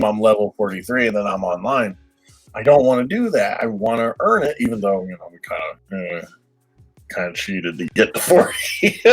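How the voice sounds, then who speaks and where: A man with a husky, mid-range voice chats casually with the viewers of his livestream. He rambles, doubles back on his words and laughs often, with faint music playing underneath. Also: medium pitch, rough recording.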